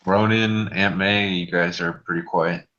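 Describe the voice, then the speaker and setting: A man hosting a casual group chat, relaxed, laughing often and swearing freely. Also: sits low, a little slow, lo-fi sound. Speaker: host of a group call.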